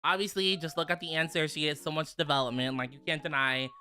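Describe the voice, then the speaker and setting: A young adult woman chatting casually on a stream, animated, profane and quick to laugh. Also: low-pitched, faint music behind. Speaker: virtual streamer.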